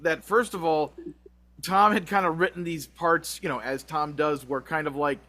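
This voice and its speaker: A man co-hosting a podcast, telling a long story in a rambling, animated way with frequent laughs. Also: a little high, normal speed. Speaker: podcast co-host. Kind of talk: casual chat.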